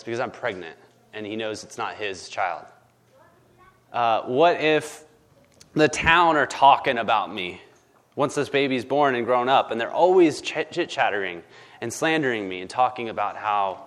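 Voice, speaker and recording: A man's voice: medium pitch, a bit bright. A man preaching a conversational sermon, emphatic and chatty, often checking in with "right?" and stumbling over ums and restarts. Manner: lots of ums and false starts. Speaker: pastor.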